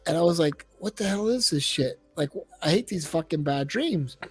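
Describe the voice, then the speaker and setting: A man's voice: on the high side, lively intonation, normal speed, husky, no echo, faint music behind. Earnest man, sound effects in stories. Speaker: podcast co-host. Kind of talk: casual chat.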